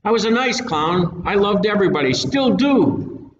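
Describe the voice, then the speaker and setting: A man's voice: sits high, lively intonation, normal speed, slight background noise. A man preaching a casual, folksy Bible-teaching sermon in a plain-spoken, emphatic way. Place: church hall with a live audience. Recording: echoey room, mic at a distance, dull sound.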